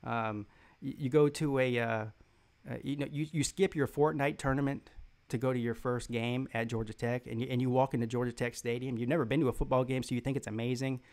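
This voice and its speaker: Southern US male stream host, rambling mocking trash talk, lots of uhs, a rough fry in the voice. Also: mid-range voice, fairly even intonation, a little mellow. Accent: Southern American. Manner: rambling, halting, with many fillers and restarts. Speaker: sports live-stream host. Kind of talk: live-stream chat reading viewer comments.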